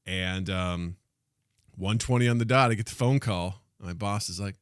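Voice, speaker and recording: A man co-hosting a podcast, telling a story in casual chat and acting out the quotes with lively jumps in his voice. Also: sits low, normal speed, clean tone, dry recording, studio quality. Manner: animated storyteller, acts out quotes. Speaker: podcast co-host.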